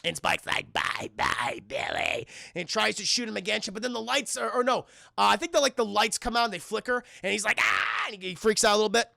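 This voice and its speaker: A man recapping a film scene by scene for his live chat, animated and profane, acting out the characters as he goes. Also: high voice, quick pace, creaky, few pauses, no room sound, clean studio sound. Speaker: streamer and film reviewer.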